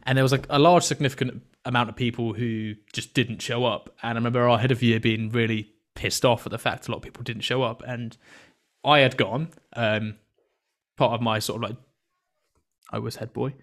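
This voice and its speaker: A man's voice: mid-range voice, steady tone, brisk, fairly bright tone. A young British man hosting a podcast, telling stories in casual banter and teasing his guest with a chuckle. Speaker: podcast host.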